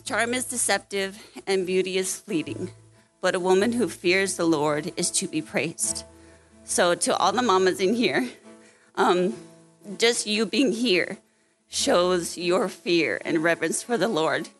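Woman giving a gentle church address. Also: medium pitch. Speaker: mother addressing the congregation. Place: church service.

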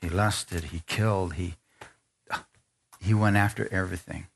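A man's voice: low voice, fairly even intonation, measured pace, gravelly, slight background noise. Conversational male pastor preaching a sermon. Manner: conversational preacher, asks congregation for amens.

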